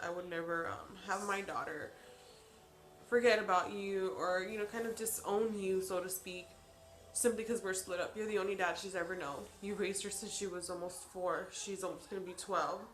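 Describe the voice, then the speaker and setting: A woman in her thirties telling a personal story on her vlog, emotional and halting, with many restarts. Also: mid-range voice, a bit bright. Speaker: vlogger. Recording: echoey room.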